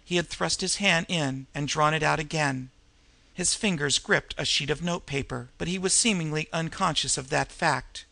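A man reads a crime novel aloud in a steady, measured way. His voice is gravelly with a bright, sharp edge and sits slightly high. The sound is close and dry. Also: dry recording. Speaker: audiobook narrator. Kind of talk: audiobook narration of a crime novel.

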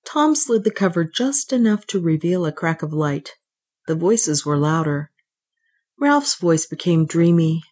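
Low-voiced woman reading a story. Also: big pitch swings, unhurried, darkish tone. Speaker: narrator. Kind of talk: scripted audiobook narration.

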